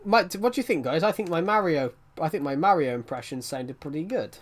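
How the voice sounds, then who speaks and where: A man's voice: a little high, expressive, a little fast. A young man streaming a game, chatting casually and rambling between laughs. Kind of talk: casual live-stream chat.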